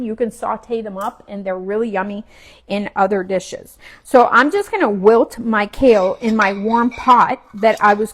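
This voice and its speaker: A woman with a slightly high voice chats her way through a home cooking demo. She talks loosely and casually as she works, and sometimes she is chewing. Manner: chatty, relaxed, talks while cooking and chewing. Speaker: cooking vlogger. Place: home kitchen.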